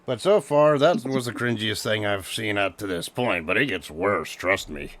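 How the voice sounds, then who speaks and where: A man co-hosting a casual review chat, animated and quick to laugh as he steers the talk. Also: lowish voice, no echo. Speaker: co-host reviewing wrestling.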